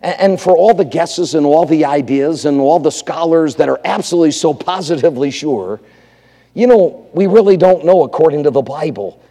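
A man preaching a revival sermon, swinging from loud exclamations down to hushed near-whispers. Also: a little high, normal speed, long reverb tail.

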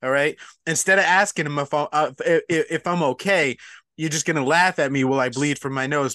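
Male podcast host who leads the segments, sharp bright voice, dry recording. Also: fairly high pitch, fairly quick, no room sound. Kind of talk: casual movie review chat.

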